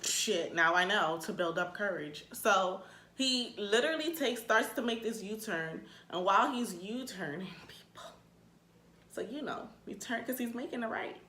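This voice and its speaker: A young woman in her twenties telling a comedic storytime rant, animated and swearing, with exasperated outbursts. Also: medium pitch, normal speed. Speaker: vlogger. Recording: echoey room.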